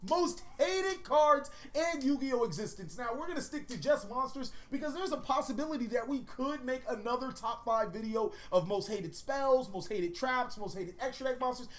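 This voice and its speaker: A woman hosting a card-game countdown video, talking in a casual, profane way and telling rambling joke anecdotes. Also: high-pitched. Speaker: YouTube card-game host. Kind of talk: casual comedic countdown commentary.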